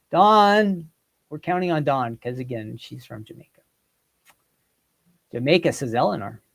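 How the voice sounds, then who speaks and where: A man's voice: fairly high pitch, slow, gravelly, long pauses. A man hosting a casual quiz on a livestream, reading out viewers' guesses and chatting with them. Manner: animated, reads out viewer comments and guesses. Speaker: host. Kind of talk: casual quiz with live chat.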